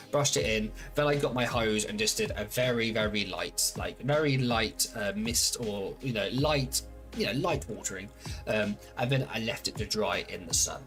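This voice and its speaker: A man's voice: medium pitch, a bit bright. A man streaming a game, chatting casually with viewers in a playful, teasing, rambling way full of fillers and restarts.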